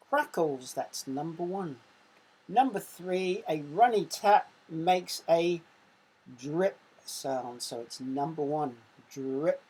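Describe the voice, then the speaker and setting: Casting: English woman, primary teacher, low husky voice, unhurried quiz reading with punchy sound words. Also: warm tone, low-quality recording. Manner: slow, careful quiz reading with sound-effect emphasis. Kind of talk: recorded online lesson.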